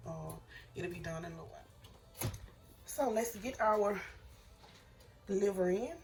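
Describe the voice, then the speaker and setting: A woman's voice: mid-range voice, measured pace, vocal fry, darkish tone, a little hiss or hum. A woman chatting casually to viewers while cooking in her home kitchen. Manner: chatty, addresses viewers as y'all. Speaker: cooking vlogger.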